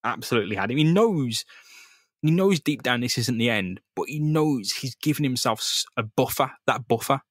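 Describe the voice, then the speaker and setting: A man's voice: mid-range voice, expressive, normal speed, no echo, clean studio sound. A man co-hosting a casual comic-book podcast, recapping scenes animatedly, swearing freely and acting out the characters' lines. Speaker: podcast co-host.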